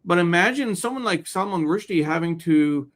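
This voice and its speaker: A man's voice: high voice, expressive, moderate pace, fairly bright tone. A man co-hosting a casual news discussion, thoughtful and hesitant, with many fillers. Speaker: co-host.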